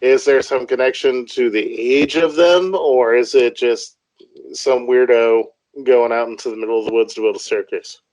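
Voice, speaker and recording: Man, casual podcast chat, jokey, rambling asides, mid pitch, dry close mic. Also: steady tone, moderate pace, darkish tone, no room sound, poor audio. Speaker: podcast co-host.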